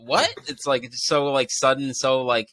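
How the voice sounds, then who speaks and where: A man, a sports reporter guesting on a podcast, telling a story excitedly with many fillers. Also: mid-range voice, moderate pace, no echo. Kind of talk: casual sports podcast chat.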